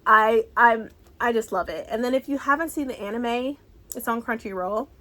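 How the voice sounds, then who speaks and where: A woman in her thirties chatting excitedly through a book haul, gushing and sometimes dropping to a whisper. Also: a little high, normal speed. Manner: bubbly, excitable, gushing, slips into soft whispers. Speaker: book vlogger. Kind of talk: casual book haul chat.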